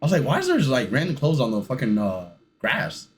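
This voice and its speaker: A man chatting casually in a reaction video, talking quickly with a lively, swinging pitch. His speech is blunt and slangy, with plenty of swearing.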